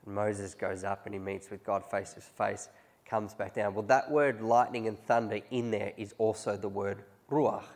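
A man's voice: lowish voice, fairly even intonation, normal speed. A man preaching a conversational sermon, often chuckling as he tells stories to his congregation. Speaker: pastor.

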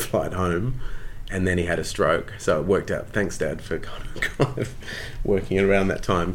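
Deep-voiced Australian man telling stories. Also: slight background noise. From Tasmania, Australia. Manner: chatty, self-deprecating, easygoing. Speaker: actor, interview guest. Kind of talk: casual interview storytelling.

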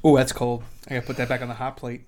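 A man's voice: mid-range voice, level tone, racing, background noise. A man guesting on a podcast, talking in a rambling, hesitant way with frequent laughs. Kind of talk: casual chat.

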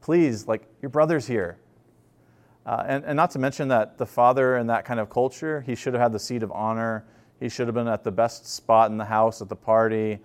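A man's voice: mid-range voice, little pitch movement, fairly quick, clear, resonant tone. Conversational male preacher. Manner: conversational, storytelling with frequent fillers and restarts. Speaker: pastor. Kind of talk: sermon.

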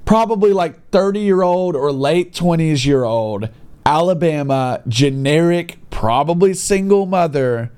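A man's voice: fairly high pitch, unhurried, a little mellow, clear, resonant tone. A man reading online posts aloud and mocking them in an exasperated, sarcastic comedic rant. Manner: exasperated, mocking, mild bleeped-style cursing.

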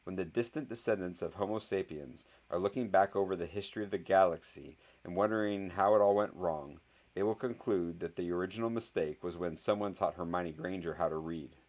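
A man's voice: low-pitched, fairly quick, darkish tone, lightly acted. A man voicing an indignant, pompous young schoolboy in a read-aloud story. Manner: exasperated, pompous, wailing. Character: indignant clever young schoolboy, proud and dramatic.

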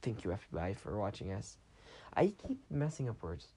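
A tired young man rambles casually through his podcast, stumbling and correcting himself as he goes. His voice is low, gravelly and husky, with a dark, mellow tone. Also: very animated, moderate pace. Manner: chatty, rambling, self-correcting. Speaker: podcast host.

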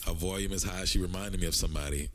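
A man with a deep voice and a Southern US accent, hosting a podcast in casual, animated storytelling chat. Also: fast talker, slight background noise. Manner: animated storytelling, swings up in pitch for emphasis. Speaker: podcast host.

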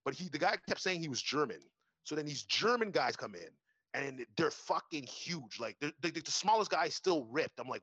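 A man's voice: medium pitch, animated, fairly quick, a bit bright, no room sound, lo-fi sound. A young man telling stories in casual chat, rambling and profane, full of fillers and restarts.

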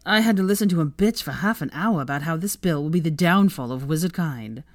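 A woman's voice: low-pitched, lively intonation, fairly quick, no echo, clean studio sound. Theo, a woman doing a teasing young wizard. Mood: wry. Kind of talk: audiobook fan-fiction reading.

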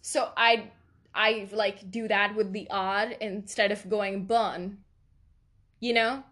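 A young woman hosts a podcast in a medium-pitched, slightly bright voice, speaking slowly with a steady tone. It's casual, confessional chat: she rambles through stories and laughs often.

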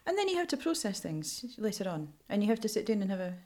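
A Scottish woman journalist talking frankly in an interview, animated and laughing often. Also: mid-range voice, fast. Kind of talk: candid interview storytelling.

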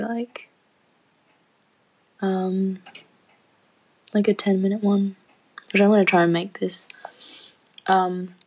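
A woman talks at an unhurried pace, her voice breathy and a little husky. She rambles casually from home, laughing easily and leaning on fillers. Now and then her words thin out into a near-whisper. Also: medium pitch, a little mellow, rough recording. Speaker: student podcaster.

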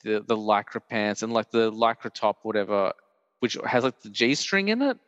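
A man's voice: fairly low pitch, big pitch swings, moderate pace, fairly bright tone, no echo, big-room sound, highs cut off. A man in his thirties with an Australian accent, hosting a podcast in a rambling, laugh-filled chat full of fillers. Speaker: podcast host.

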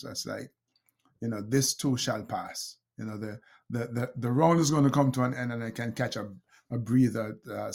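A middle-aged man with a Jamaican accent swaps anecdotes as a guest, laughing a lot and often restarting or using fillers in a storytelling conversation. His voice is mid-range with vocal fry.

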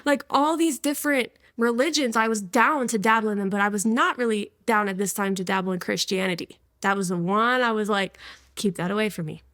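A woman's voice: mid-range voice, steady tone, brisk, hardly any pauses, fairly bright tone, dry recording, clean studio sound. A woman in her twenties telling her personal testimony to an interviewer in a casual, slangy way, often breaking into laughter. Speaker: interview guest.

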